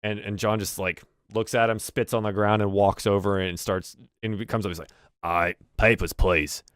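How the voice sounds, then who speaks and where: Man, game master, halting narration, lowish voice, smooth and dry. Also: level tone, dry recording. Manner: halting, searching for words.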